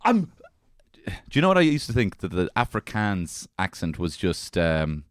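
A man's voice: low voice, wildly swooping pitch, moderate pace, dry recording, clean studio sound. A man hosting a comedy podcast, talking in a playful, jokey way and swearing freely. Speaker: podcast host.

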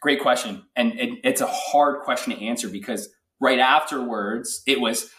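A man telling an animated, filler-heavy story as a guest in a casual interview. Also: mid-range voice, normal speed, few pauses, reverberant, distant mic. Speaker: guest athlete.

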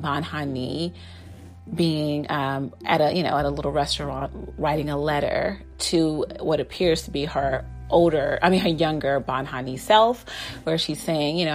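A woman casually recapping a TV drama, chatty, full of fillers and restarts, often laughing. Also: low voice. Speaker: drama reviewer.

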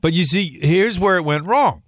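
Animated teasing radio host man. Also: high voice, normal speed, no room sound, clean studio sound. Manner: teasing, animated, mimics people. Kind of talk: sports radio banter.

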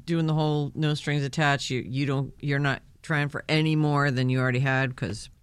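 A woman's voice: low voice, fairly even intonation, moderate pace, clean tone, no room sound. A woman in her fifties trading blunt, teasing wisecracks in casual podcast chat. Her voice is recorded dry and close, with no room sound. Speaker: podcast co-host.

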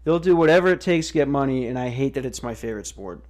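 A man's voice: mid-range voice, animated, fast, a little mellow. Profane, sarcastic podcast host man. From United States. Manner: profane, sarcastic, rambling with restarts. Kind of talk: casual comedic rant.

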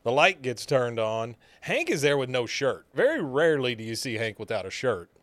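A man's voice: mid-range voice, big pitch swings, moderate pace, fairly bright tone, no echo. A man co-hosting a podcast, casually recapping an episode and laughing often as he retells scenes. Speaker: podcast co-host.

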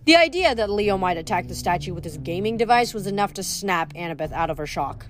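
A woman reading a novel aloud to listeners, careful and steady, with small restarts. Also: lowish voice, moderate pace, faint music behind.

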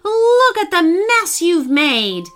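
A woman playing girl turned werewolf, high voice, lively swings, scolding, storybook. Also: measured pace, soft background music, exaggerated voice. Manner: roaring and scolding, then tearful.

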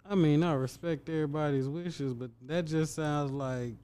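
A man's voice: fairly high pitch, fairly even intonation, normal speed, mellow, clean tone. A man co-hosting a podcast, mostly dropping short, wry remarks into casual chat.

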